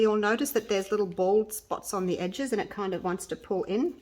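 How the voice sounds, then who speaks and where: A woman's voice: mid-range voice, a little fast, few pauses, darkish tone. A woman hosting a casual resin craft tutorial vlog from her home workspace, chatting to viewers as she works and often restarting her sentences. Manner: chatty, talks to viewers while working, often trailing off and restarting. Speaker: resin craft channel host.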